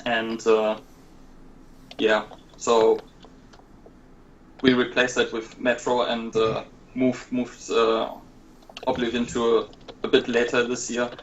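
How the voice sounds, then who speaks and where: A man talking in a casual podcast chat, measured and hesitant with frequent fillers, explaining plans for a keycap set. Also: medium pitch, monotone, muffled recording, slight background noise.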